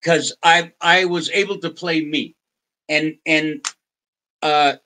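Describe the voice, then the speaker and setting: This older man from the U.S. is a podcast guest swapping stories in a relaxed interview, wandering through anecdotes with many restarts and doing put-on voices for the people he quotes. He talks slowly in a fairly high, pushed, bright voice with fairly even intonation, and the audio quality is poor.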